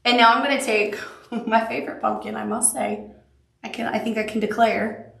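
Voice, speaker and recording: A woman with a Southern accent walks viewers through appliqué placement in a live quilting lesson. She talks in a chatty, upbeat way, her voice a little high and gravelly. The sound is roomy, and she is heard from a short way off the mic. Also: fairly even intonation, normal speed, a bit bright, far from the mic. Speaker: quilting instructor. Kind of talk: live craft tutorial.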